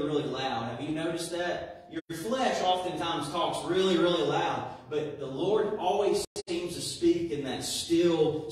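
Man, preacher, sermon, conversational, chuckling, heavy church reverb. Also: a little high. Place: church sanctuary. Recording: echoey church hall from far off.

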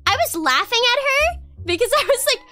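High, lively, giggly woman streamer. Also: normal speed, faint music behind. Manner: giggly, rambling, many restarts. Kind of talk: casual chat.

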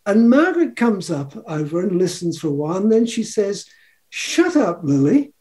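A man's voice: sits high, very animated, fairly quick, warm tone. A New man in his seventies telling a personal story in a rambling, chuckling way, acting out the quotes. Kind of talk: casual storytelling.

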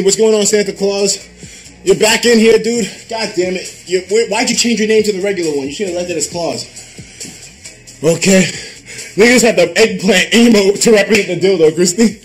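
A man talking casually on his livestream, swearing freely and reading out viewer messages. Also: high voice. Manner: animated, swearing, bursts into laughter; reads out viewer donation messages.

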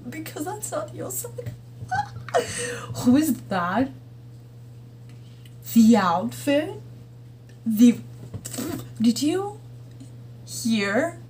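A woman's voice: high-pitched, very animated, very slow, long pauses, a little mellow, a little hiss or hum. A woman hosting a reaction video, gushing and exclaiming as she watches, with faint music behind her. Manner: gushing, exclamatory, laughs and gasps often. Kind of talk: excited reaction commentary over a music video.

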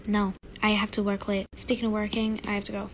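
A woman voicing a cold, dismissive husband in a toy-app role-play, speaking in a curt, flat way. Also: mid-range voice, fairly quick, a little hiss or hum, natural voice.

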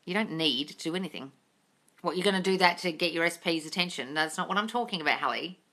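A woman's voice: fairly low pitch, fast talker, sharp tone. A woman hosting a casual livestream Q&A as a manifesting coach. She answers viewer comments bluntly, swears freely and calls her listeners darling. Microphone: phone livestream.

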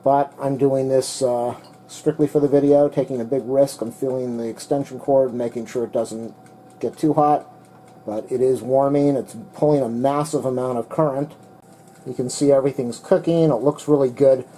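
Mellow-voiced man reviewing a toaster oven. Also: medium pitch, fairly even intonation, normal speed, slight background noise, rough recording. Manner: plain, methodical, talks while demonstrating and eating. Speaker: product reviewer. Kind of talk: casual product review narration. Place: home kitchen, indoors.

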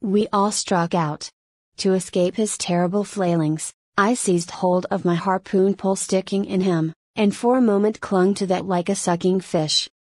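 A woman reads the part of a one-armed English sea captain, good-humored and rambling as he tells a long sea yarn. Her voice is medium in pitch and close, in a dry room. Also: fairly even intonation, normal speed, a little mellow, dry recording, close to an everyday voice. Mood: yarn-spinning.

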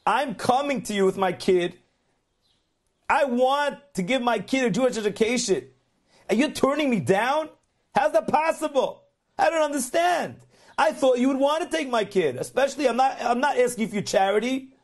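A man's voice: extremely high pitch, moderate pace, voice pushed up. A man doing an indignant hot-tempered contractor. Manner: shouting, exasperated.

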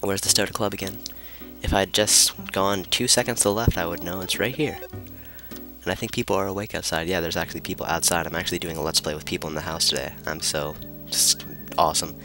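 A man rambles through a game session with dry, sarcastic asides. His voice is on the low side but bright and forward, with faint music playing underneath. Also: steady tone, brisk. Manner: sarcastic, rambling jokes, reads lines aloud. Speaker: let's play commentator. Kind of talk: casual gameplay commentary.

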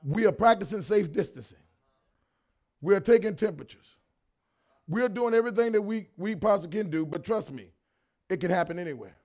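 A pastor in his fifties preaching a sermon, swinging between shouted lines and quieter talk, with lots of repetition. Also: high-pitched, expressive, brisk, long pauses. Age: 50s.

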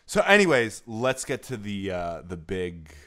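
Lively profane young man chatting. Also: fairly low pitch, a little slow. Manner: loose, profane, laughs often. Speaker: podcast co-host. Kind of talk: casual chat.

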